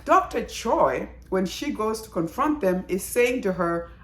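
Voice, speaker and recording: A woman talks through a drama in a casual video review. She is chatty and animated, exclaiming as she goes, and her mid-pitched voice carries the echo of a roomy space. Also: a little slow.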